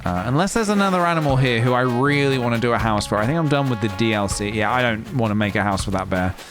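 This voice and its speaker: A man's voice: mid-range voice, expressive, fast talker, music in the background. A British man in his thirties giving chatty, rambling, self-mocking commentary during a live game stream.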